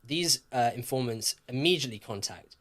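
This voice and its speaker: A man's voice: mid-range voice, normal speed. Man telling history like a story. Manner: lively, jokey, swears, laughs often. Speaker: podcast co-host.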